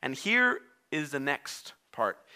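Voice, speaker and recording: A non-native English-speaking man preaching a sermon, telling the story in an animated way and acting out its characters. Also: fairly high pitch, slow. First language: not English.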